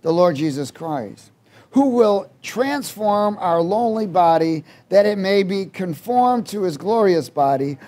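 A man preaching a sermon, quizzing the congregation and swinging between loud exhortation and quiet asides. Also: sits high.

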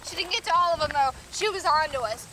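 A woman vlogging outdoors, excitedly calling out as she hunts for a lost toy llama. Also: very high voice, quick pace, heavy background noise. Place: outdoors in woods.

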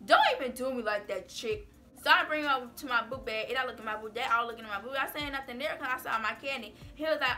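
A woman vlogger telling a school story in a casual, animated, sassy way, full of "like" and "baby". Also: fairly high pitch, fast, soft background music.

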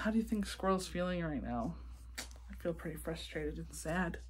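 A woman reading a picture book aloud to children, gently asking them questions about the pictures. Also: on the low side, animated, normal speed, slight background noise. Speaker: children's storybook reader.

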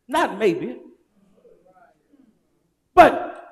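A man preaching a sermon in a church, swinging from shouted lines to low, quiet ones. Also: animated, measured pace. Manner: chanting, rising to shouts then dropping low. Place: church sanctuary.

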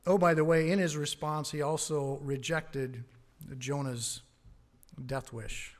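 Male pastor, sermon delivery, emphatic with easy chuckles, slightly raised pitch. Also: fairly even intonation, slow. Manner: emphatic, chuckles often between points. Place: church sanctuary.

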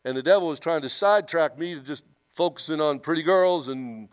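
A man's voice: fairly high pitch, brisk, clean tone. A man in his sixties preaching a testimony in church, telling his story earnestly and emphatically, often restarting his sentences. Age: 60s. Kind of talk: sermon testimony.

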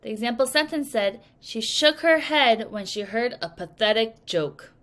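Woman teaching vocabulary slowly and clearly. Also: on the high side, fairly bright tone. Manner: slow, clear teacherly delivery with acted examples. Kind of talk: recorded vocabulary lesson for children.

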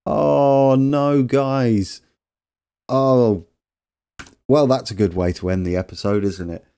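A man's voice: lowish voice, slow pace, warm tone. A man hosting a let's play, chatting casually and poking fun at his own mistakes while he talks to viewers. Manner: self-deprecating, chatty, talks to viewers while fixing trains. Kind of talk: casual gameplay commentary.

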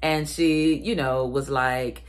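This South Carolina vlogger has a rumbling, low voice and speaks slowly in a steady tone. She chats easily with her audience in a Southern US accent, addressing them as "y'all."

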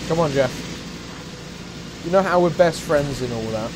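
A man giving excitable, profane let's play commentary as a gaming YouTuber, trash-talking and shouting now and then. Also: fairly high pitch, unhurried, noisy background. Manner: shouts and whoops suddenly. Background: game music.

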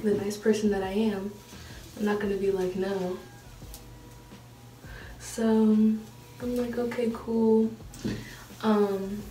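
A woman's voice: mid-range voice, dark tone. Chatty teenage girl in an echoey room. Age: late teens. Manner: chatty, laughing, exasperated retelling. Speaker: vlogger. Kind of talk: casual storytime. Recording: echoey room, mic a bit far off, faint hiss.

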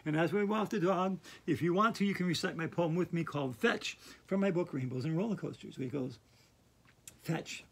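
Silly, gravelly-voiced woman teaching yoga. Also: fairly low pitch, fairly quick, hardly any pauses. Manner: silly, chatty, breaks into singing. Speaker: yoga instructor. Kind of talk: playful home yoga lesson. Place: home hallway.

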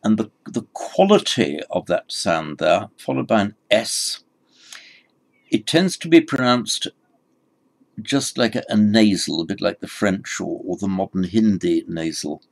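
A man's voice: fairly low pitch, expressive, measured pace, gravelly. A man teaching a Sanskrit lesson, explaining patiently and correcting himself as he goes. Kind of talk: recorded language lesson.

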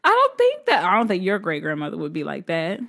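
A woman's voice: a little fast, creaky. A woman co-hosting a casual podcast, blunt and wry in her remarks. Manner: blunt, wry, lively pitch. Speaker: podcast co-host. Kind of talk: casual chat.

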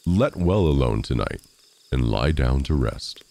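A man voicing a huge, dim-witted male giant in a storybook reading, with slow, growling speech. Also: very deep voice, animated, gravelly, warm tone, exaggerated voice. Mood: terrified.

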